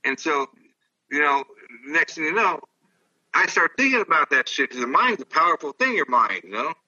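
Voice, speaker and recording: A man's voice: on the high side, sing-song, normal speed, sharp tone, breathy edge, far from the mic, highs cut off. An older man, a former ballplayer, telling rambling, profane stories in casual chat. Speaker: guest, former baseball player. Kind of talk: casual storytelling.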